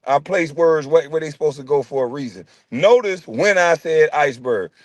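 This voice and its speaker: A man's voice: on the high side, normal speed, a little mellow, no echo. A man hosting his own livestream, ranting in a profane, mocking way and laughing often. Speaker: livestream host.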